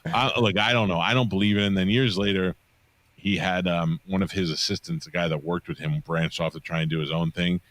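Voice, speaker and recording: A man co-hosting a podcast, telling a story in a casual, animated and profane way. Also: low-pitched, brisk, no echo. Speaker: podcast co-host.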